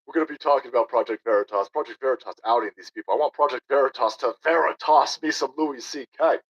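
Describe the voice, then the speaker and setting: A man's voice: mid-range voice, quick pace, slightly rough. A man in his thirties hosting a livestream, ranting sarcastically and combatively and reading viewer chat aloud. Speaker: political livestream host. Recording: dull lo-fi stream audio.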